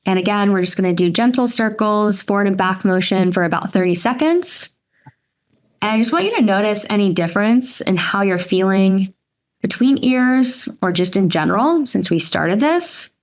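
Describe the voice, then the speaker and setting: A woman presenting a nutrition workshop, gently talking listeners through an exercise step by step with casual fillers. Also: medium pitch. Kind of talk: guided exercise instruction.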